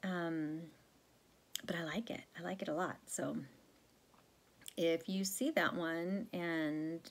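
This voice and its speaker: A woman's voice: fairly low pitch, fairly even intonation, slow. A woman vlogger chatting casually to viewers about her cross-stitch threads, rambling with many fillers and self-corrections.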